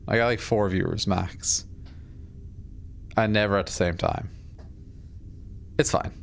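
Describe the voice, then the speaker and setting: A man's voice: fairly low pitch, unhurried, creaky, slight background noise. A man casually chatting on a live stream while playing a game, rambling, self-deprecating and swearing offhand.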